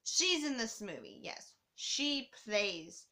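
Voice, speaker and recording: A young woman hosting a casual movie review countdown, excitable and swearing, laughing and swooping up and down as she talks. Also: on the high side, takes it slowly. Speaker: host.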